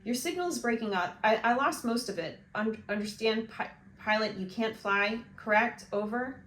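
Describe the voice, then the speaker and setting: A brisk adult radio operator issuing clipped, procedural instructions, a touch raised and firm, as a woman reads him aloud in a storybook. The voice sits in a roomy space with a faint hiss. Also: a little high, fairly bright tone, natural voice. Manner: clipped, formal radio talk.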